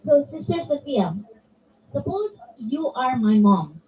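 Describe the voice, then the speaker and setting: A woman's voice: high voice, slow, distant mic, muffled recording, slight background noise. A woman giving an interactive religious talk to children, acting out her examples. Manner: animated, acts out examples in voices. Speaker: children's religious class speaker. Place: religious center hall.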